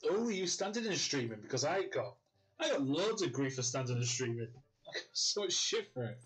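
A man's voice: fairly high pitch, very animated, brisk, a bit bright, soft background music. A man with a Yorkshire accent giving casual, sweary commentary while livestreaming a video game, often laughing and talking to his chat. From Yorkshire, England.

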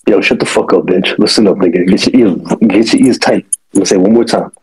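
A man's voice: low-pitched, quick pace, a little mellow, husky, poor audio. A man on a video call hurling aggressive, profane threats at a rival. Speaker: streamer and fighter. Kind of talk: trash-talking video call.

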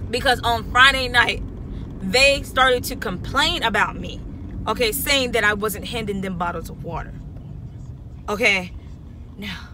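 A woman's voice: medium pitch, a little hiss or hum. A young woman telling a story to her viewers in a casual vlog. She talks with lots of energy and keeps asking "okay?". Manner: animated, repeats "okay?" constantly. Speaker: vlogger.

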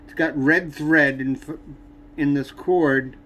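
A man hosting a fishing channel, reviewing a subscription box with irritation and frequent pauses. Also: on the high side, fairly even intonation, fairly bright tone, a little hiss or hum. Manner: irritated, complaining, many "um" pauses. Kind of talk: unboxing review vlog.

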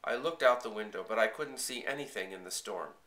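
A man reading a first-person children's story aloud, in a quiet, measured and earnest way. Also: lowish voice, expressive, echoey room. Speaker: audiobook reader.

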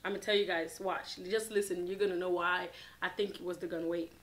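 In a storytime vlog, a woman with a bright, forceful, fairly low voice recounts a tale to her viewers at a brisk clip. She's casual and animated, scattering filler words, like relaxed everyday chat to the camera.

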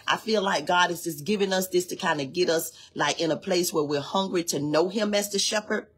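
Speaking a little fast in a lowish, fairly bright voice with a breathy edge, a woman leads a casual devotional livestream near a hallway indoors. She alternates reading a text with spontaneous exhortations, preaching fervently, repeating key phrases and urging her audience to repeat lines after her.

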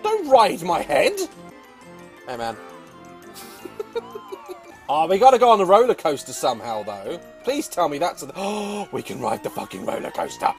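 A young man giving excitable, swearing gameplay commentary, with frequent laughter and shouts. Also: on the high side, moderate pace, creaky, long pauses, soft background music. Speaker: gaming video host.

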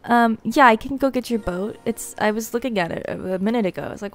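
A woman's voice: a little high, fast. A woman giving casual, rambling commentary while playing a game. She is tired from filming late at night. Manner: excitable, rambling, gushing with gasps. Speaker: gaming YouTuber.

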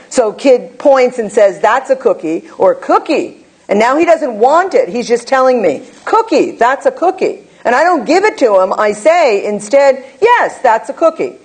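A woman's voice: fairly high pitch, darkish tone, slightly rough. A woman presenting as a behavior analyst, explaining concepts in a conversational academic talk with wry asides and frequent tag questions.

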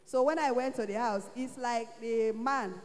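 A Nigerian woman giving a church testimony, telling her story in an animated way and acting out what others said. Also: on the high side, normal speed, in a large hall. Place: church hall.

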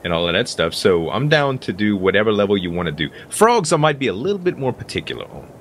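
A laid-back man with a Cajun accent chats through a co-op game session. His voice sits low but swings lively in pitch, with a faint hiss in the background. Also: fast. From Louisiana. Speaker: co-op gaming partner. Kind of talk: casual co-op gameplay chat.

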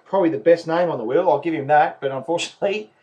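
A man's voice: on the high side, very fast, dark tone, lo-fi sound, a little hiss or hum. A man with an Australian accent, hosting a live raffle and commentating each name as it is drawn. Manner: chatty, calls names and counts spots. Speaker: raffle host.

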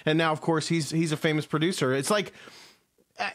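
A man hosting an interview, asking long, chatty questions peppered with "like.". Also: on the high side. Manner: fast, chatty questions full of "like". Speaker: host. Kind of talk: casual interview.

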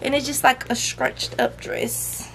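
A woman's voice: high voice, little pitch movement, measured pace. A young woman, chatting to viewers in a casual haul vlog and scolding her toddler now and then. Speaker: vlogger. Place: home. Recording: noisy home recording.

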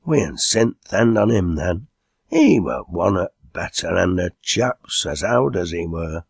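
A man's voice: sits low, sing-song, a little slow, gravelly, husky, dry recording, clean studio sound, heavily acted. A man voicing a generous, good-natured working man who speaks in a hearty, slightly raised voice.

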